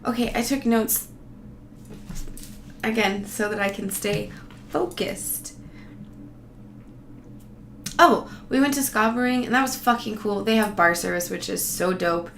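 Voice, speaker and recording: A woman's voice: mid-range voice, measured pace, gravelly, long pauses, a bit bright. A woman telling a casual, rambling travel story, profane and sarcastic. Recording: roomy echo, faint background noise.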